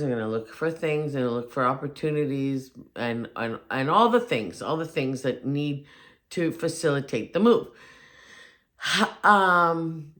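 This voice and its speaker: A woman hosting a home decor channel, talking casually and warmly to her subscribers in a chatty, gushing way. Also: low voice. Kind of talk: casual vlog talk to subscribers.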